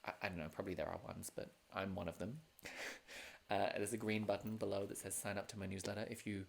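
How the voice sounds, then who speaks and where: Gravelly-voiced drag host joking around. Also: male voice, lowish voice, little pitch movement, fast. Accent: non-American. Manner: self-deprecating, joking, many fillers. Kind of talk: casual livestream hosting. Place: home.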